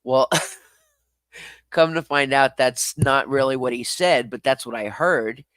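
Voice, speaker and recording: A man's voice: medium pitch, slow pace, a bit bright, slight background noise. A man streaming live, reading chat comments aloud and answering them bluntly. He swears freely, laughs often and talks straight back to his viewers.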